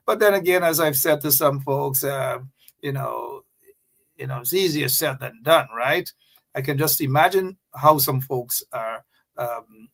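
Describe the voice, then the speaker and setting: A Guyanese man runs a live radio talk show, his voice sitting a little higher than most men's. He hammers his points by saying them again and again, and he calls out to his listeners directly. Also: a bit bright. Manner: emphatic, repeats phrases, addresses listeners directly.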